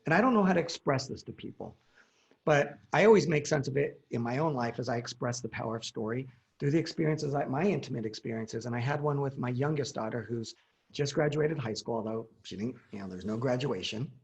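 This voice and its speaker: A man's voice: mid-range voice, fairly quick, vocal fry, a little mellow, highs cut off. A man in his forties telling a personal story in casual conversation, acting out the quoted dialogue.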